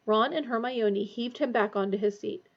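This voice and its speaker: A woman reading a novel aloud, giving the characters lively voices. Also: normal speed. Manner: lively character voices, raised pitch for dialogue. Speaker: audiobook reader. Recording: dull lo-fi recording.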